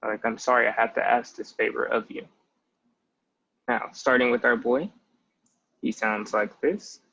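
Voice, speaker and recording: A man's voice: medium pitch, steady tone, unhurried, vocal fry, pushed and bright, slight background noise. A young man in his twenties giving a casual spoken language lesson, explaining step by step and often starting with "so" and "basically.". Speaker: language tutor. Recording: muffled lo-fi audio.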